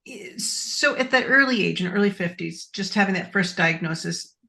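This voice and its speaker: Female host, gravelly and bright voice, reflective questions. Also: mid-range voice, lively intonation, moderate pace. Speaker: interviewer, therapist host. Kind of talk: conversational interview.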